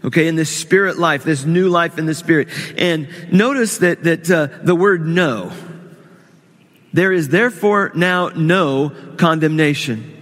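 A fairly high-voiced man preaching a sermon in a church hall with a long echo. He prays aloud, then leans hard on key words, repeating them for emphasis. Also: unhurried, a bit bright. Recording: long reverb of a large hall.

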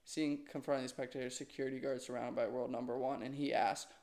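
A man's voice: medium pitch, little pitch movement, fast talker, a little mellow. A young man co-hosting a casual podcast chat, reading news items aloud and laughing often. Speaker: podcast co-host.

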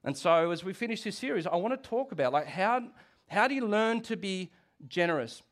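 A middle-aged pastor delivers a sermon in a lively, conversational way. His voice sits high for a man, and he breaks off into asides and restarts as he speaks. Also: brisk.

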